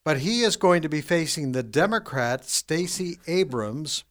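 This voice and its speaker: A man from Canada co-hosting a radio talk show in a studio, running through news items briskly with wry asides. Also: fairly high pitch, animated. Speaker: radio co-host reading news.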